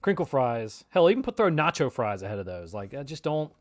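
A man co-hosting a casual podcast chat with wry, quick interjections and frequent laughter. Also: medium pitch, big pitch swings. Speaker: podcast co-host.

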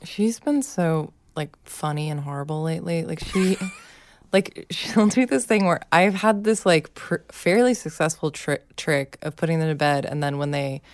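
A woman's voice: low-pitched, normal speed. A woman co-hosting a casual chat, laughing often and mimicking her kids. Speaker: podcast co-host, mother.

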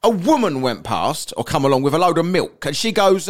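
A man's voice: a little high, big pitch swings, a little fast, hardly any pauses. A man, a podcast host telling crude comic stories from daily life. He swears a lot and keeps checking in with "right?". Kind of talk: comic anecdote storytelling.

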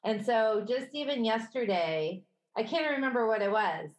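A woman's voice: fairly high pitch, expressive, moderate pace. Chatty Midwestern woman, echoey room. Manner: chatty, laughs often, candid. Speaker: podcast co-host. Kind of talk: casual chat.

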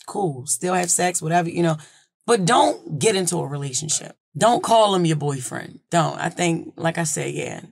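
A blunt, streetwise woman giving advice on her podcast, swearing freely and talking in loose, repeating runs. Her voice has a gravelly fry, and it is recorded close and dry. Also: deep voice, dry recording. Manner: loose and conversational, repeats herself. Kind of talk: casual advice chat.

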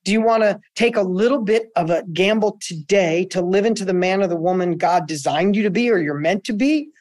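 A man's voice: a little fast, no echo. A man being interviewed as an entrepreneur guest, talking emphatically in a motivational, storytelling way. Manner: emphatic, storytelling, animated pitch swings.

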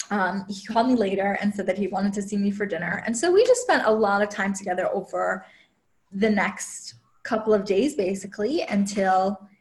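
A woman guest and relationship coach telling a personal story in casual chat, full of "like" fillers and quoted asides. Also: medium pitch. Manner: chatty, heavy use of "like" fillers; quotes herself and others in lively asides.

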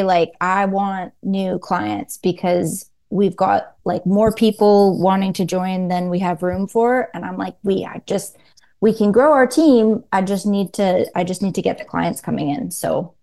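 A woman's voice: medium pitch, moderate pace, vocal fry, darkish tone. A woman who owns a business, talking hesitantly with her coach. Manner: hesitant, restarts sentences. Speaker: coaching client, cleaning business owner. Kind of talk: casual conversation.

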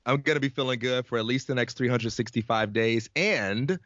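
A man co-hosting a casual podcast chat, excitedly telling stories and acting out family conversations. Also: mid-range voice, fairly quick, no room sound. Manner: excited storyteller, acts out family dialogue. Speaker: podcast co-host. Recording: dry, dull lo-fi sound.

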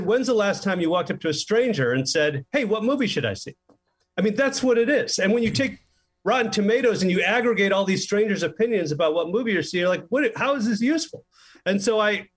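A man being interviewed as a film director, telling stories in a casual, animated way and acting out the lines he quotes. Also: sits high. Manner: animated storyteller who acts out quoted lines.

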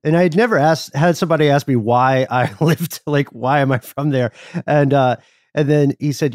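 A man's voice: on the high side, moderate pace, a little mellow, dry recording, clean studio sound. A man co-hosting a casual history podcast, with wry joking asides. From Atlanta, Georgia, US. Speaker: podcast co-host.

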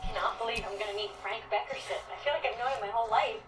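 A woman's voice: fairly high pitch, rapid-fire, far from the mic, lightly acted. An actress playing an eager woman matchmaking an older couple, talking with gushing enthusiasm. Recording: echoey sitcom clip with loud background noise.

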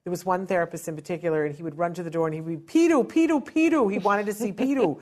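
A woman's voice: lowish voice, racing. A woman in her fifties, a parent hosting a conversational webinar, telling stories and acting out quoted voices. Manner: animated storytelling, voices quotes. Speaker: host and parent.

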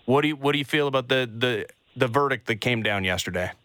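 A man hosting a sports radio show with brisk, jokey delivery. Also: mid-range voice, pushed and bright, clean tone. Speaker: radio host.

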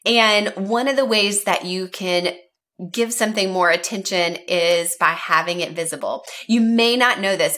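A woman's voice: fairly low pitch, a bit bright. A woman hosting a productivity podcast, upbeat and encouraging in casual talk. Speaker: podcast host.

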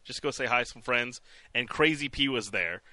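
A man's voice: mid-range voice, normal speed, bright, forceful tone, no room sound. A male radio co-host joking and telling stories about a hockey game, laughing often. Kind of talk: casual sports radio chat.

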